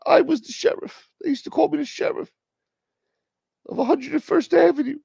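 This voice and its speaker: Guy doing a squeaky old sheriff, full of himself, bragging loud, dull lo-fi sound. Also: moderate pace, gravelly, dry recording, exaggerated voice. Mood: boastful. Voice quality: squeaky falsetto. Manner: self-important bragging. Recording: dull lo-fi stream audio.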